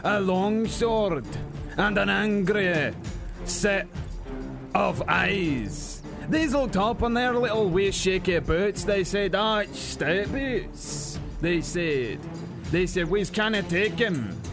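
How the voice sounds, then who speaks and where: A man's voice: high-pitched, pitched above the performer's own voice, exaggerated voice. A man voicing a boastful old male warrior who tells a swaggering tall tale in a broad, put-on brogue.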